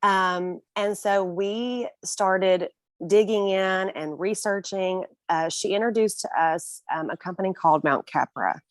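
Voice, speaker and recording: A woman's voice: medium pitch, measured pace, no room sound. A young woman guest in a casual interview, telling her own story earnestly and emotionally, often breaking into small laughs.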